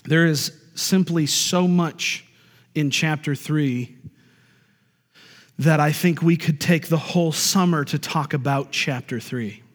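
High-voiced male preacher in a reverberant hall. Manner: reads scripture slowly, then preaches in an easy joking tone. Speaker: pastor. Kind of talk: sermon. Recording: long reverb of a large hall.

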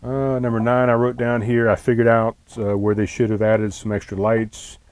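A man's voice: medium pitch, level tone, normal speed, darkish tone, clean tone, no room sound. Irritated, cursing man in a camper. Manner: irritated, profane, rambling. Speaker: podcast host. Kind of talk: casual solo podcast chat. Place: inside a camper trailer. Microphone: laptop on a tray in front of him.

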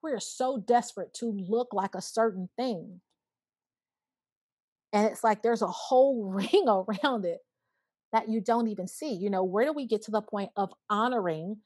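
A woman's voice: mid-range voice, moderate pace, a little mellow, no room sound. Earnest woman in her thirties, dry close sound. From Alabama, USA. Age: 30s. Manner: earnest, reflective, speaks in bursts with frequent "you know". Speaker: podcast guest. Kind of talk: casual conversation.

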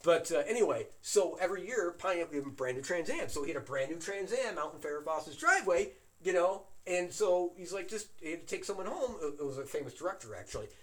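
A man in casual chat, excitedly telling an anecdote with plenty of swearing. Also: fairly high pitch, fast, hardly any pauses. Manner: animated, excitable storyteller who swears.

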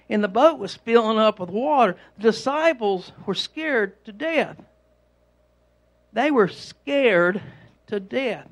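A man's voice: high-pitched, expressive, measured pace. A man preaching an informal sermon, rambling and repeating himself as he tells homespun stories. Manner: rambling, repetitive, homespun storytelling. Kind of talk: conversational sermon.

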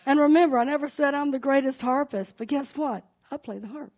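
A woman's voice: sits high, brisk. A woman pastor telling a healing testimony to a church congregation. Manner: warm storytelling, quoting others, enthusiastic.

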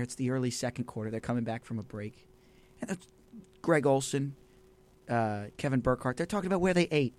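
A man's voice: on the high side, fairly bright tone, dry recording. A young man co-hosting a college radio sports show, ranting and mocking in a heated debate. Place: radio studio.

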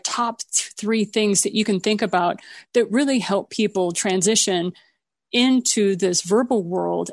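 A woman's voice: mid-range voice, no echo. Chatty middle-aged woman host. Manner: chatty, laughs easily. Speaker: podcast host. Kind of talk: casual interview chat.

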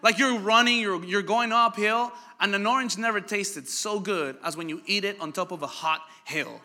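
Male pastor, bright forceful voice, lively storytelling sermon with a long hall reverb. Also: sits high, moderate pace. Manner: animated storytelling, asks the crowd questions. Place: church hall.

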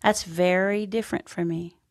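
A woman co-hosting a podcast, speaking in a gentle, unhurried and wry way. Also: lowish voice, steady tone, dry recording, studio quality. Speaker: podcast co-host. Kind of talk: casual podcast chat.

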